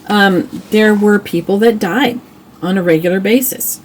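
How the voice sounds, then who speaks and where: Speaking a little slowly at a medium pitch, a middle-aged woman presents old reading books on her homeschool channel, with slight noise in the background. Her casual show-and-tell review is admiring and chatty, broken up by restarts and asides.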